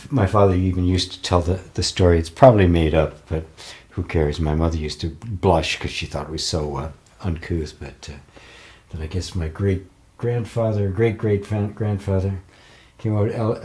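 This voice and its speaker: A man's voice: fairly low pitch, darkish tone. An older man in casual chat, rambling with fillers, restarts and frequent chuckles as he reads viewer comments. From United States. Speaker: spiritual teacher.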